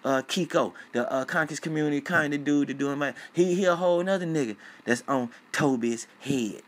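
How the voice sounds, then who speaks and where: Black dude yelling into his phone on a live, cussing a lot, keeps repeating himself. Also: fairly high pitch, brisk. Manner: loud, emphatic, profane, repetitive. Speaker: livestream commentator. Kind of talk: casual livestream rant.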